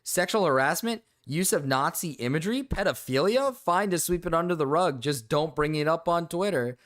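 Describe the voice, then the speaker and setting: A man's voice: on the high side, lively intonation, moderate pace, hardly any pauses, a bit bright. Ranting male streamer reacting live. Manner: heated, profane ranting with frequent restarts.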